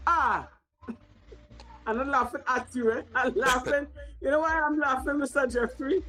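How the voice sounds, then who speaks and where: A woman's voice: sits high, steady tone, measured pace, sharp tone, rough recording. Frank woman hosting. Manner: frank, coaxing the caller to go on. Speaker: host. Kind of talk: call-in talk show.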